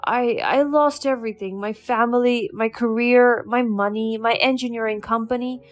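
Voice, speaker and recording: A woman's voice: fairly high pitch, steady tone, normal speed, close to an everyday voice. A woman reading as a remorseful man begging forgiveness. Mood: pleading. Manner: pleading, tearful.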